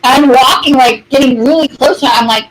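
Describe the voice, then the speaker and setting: High-voiced joking woman. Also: brisk. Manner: blunt, joking, swearing. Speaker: podcast co-host. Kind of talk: casual chat. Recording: noisy room.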